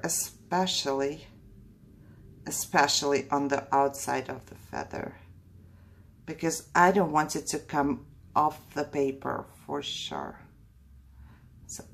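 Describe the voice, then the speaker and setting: Slow chatty woman, breathy voice. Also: lowish voice, big pitch swings. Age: middle-aged. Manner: chatty, self-doubting, laughs often. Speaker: crafting channel host. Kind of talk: casual craft tutorial chat.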